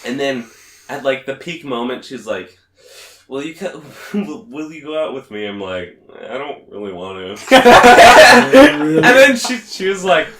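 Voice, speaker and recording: Young male podcast guest: lively, crude-joking storyteller in an echoey room. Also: a little high, measured pace. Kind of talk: casual chat.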